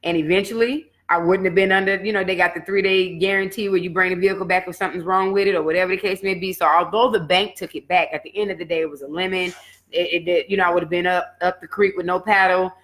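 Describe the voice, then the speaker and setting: A woman's voice: lowish voice, fast. A woman fitness coach, telling a personal setback story in casual talk and acting out what she said back then. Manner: animated storytelling, acts out her own past words.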